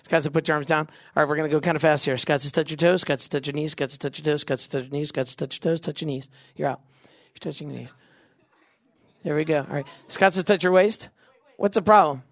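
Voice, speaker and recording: A young man leading a big youth crowd through a game, joking and doing quick silly voices. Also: on the high side, steady tone, no echo, clean studio sound. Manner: goofy, quick asides, acts out voices. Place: event venue with a live audience.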